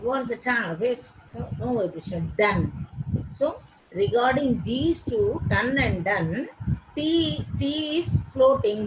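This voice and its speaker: Slow, deliberate woman teacher. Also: fairly high pitch, noisy background. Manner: slow, deliberate, repeating words and sounds one by one. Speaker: English phonetics teacher. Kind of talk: recorded pronunciation lesson.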